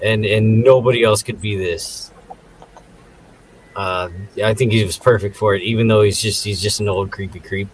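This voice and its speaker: A man's voice: on the low side, fairly even intonation, moderate pace, husky, poor audio. A man co-hosting a casual movie review podcast, laughing and acting out scenes in silly voices. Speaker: podcast co-host.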